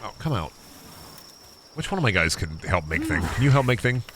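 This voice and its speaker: A fairly low-voiced man gives rambling, jokey commentary while he plays a game, muttering to himself. His pitch swings widely, and he lurches into silly sing-song asides. A faint hiss sits under the voice. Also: sing-song, normal speed. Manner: breaks into silly high sing-song bits. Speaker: streamer. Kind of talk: casual gameplay commentary.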